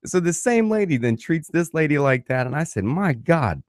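A man telling a personal story in a casual, animated way, swearing freely. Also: fairly high pitch, moderate pace, dry recording, clean studio sound.

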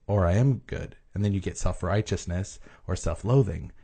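A man's voice: low voice, moderate pace, vocal fry, warm tone, slightly rough. A man in a casual podcast chat, earnestly explaining scripture with frequent restarts.

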